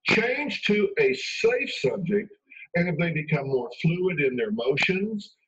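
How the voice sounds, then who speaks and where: A man's voice: high-pitched, big pitch swings, slow pace, a bit bright. A man speaking as an expert guest in a radio interview, emphatic and conversational, acting out quoted lines. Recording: dull radio broadcast from far off.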